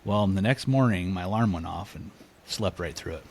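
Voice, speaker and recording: Deep-voiced man telling a hunting story. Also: moderate pace, slight background noise. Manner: animated, laughs often, acts out what people said. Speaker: podcast guest, elk hunter. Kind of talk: casual storytelling.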